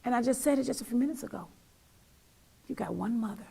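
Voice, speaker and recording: Husky, gravelly woman talk show host. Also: a little high, expressive, fast. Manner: emphatic, repeats lines, swings from loud to near-whisper. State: emotional. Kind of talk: heartfelt monologue to viewers.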